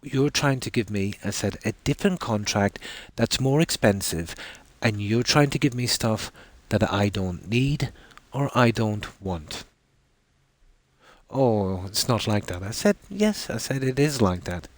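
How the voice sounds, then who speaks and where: A man's voice: on the low side, a little slow. A man with an Irish accent telling a long rambling story while streaming a game, with a lot of "I said". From Ireland. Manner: rambling anecdote, frequent "I said".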